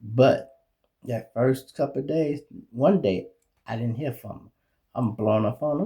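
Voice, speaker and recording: A middle-aged man with a Chicago accent hosting his own show, telling animated, streetwise stories in a casual monologue full of profanity. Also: mid-range voice, measured pace, pauses often. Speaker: show host.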